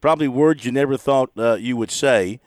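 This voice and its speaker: A man's voice: medium pitch, fairly quick, a little mellow, no echo. A man hosts a sports radio segment in a jovial, teasing way, often chuckling as he reads out the betting lines. His voice sits in an ordinary middle register. It's recorded close and dry in a studio. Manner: jovial, laughs often while reading spreads. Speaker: radio sports show host. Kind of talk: casual radio chat.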